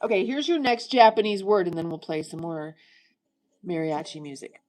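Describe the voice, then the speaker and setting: A woman's voice: fairly low pitch, expressive, moderate pace, darkish tone, soft background music, rough recording. A woman in her fifties chatting on a livestream, rambling and joking as she talks straight to her viewers. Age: 50s. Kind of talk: casual livestream chat.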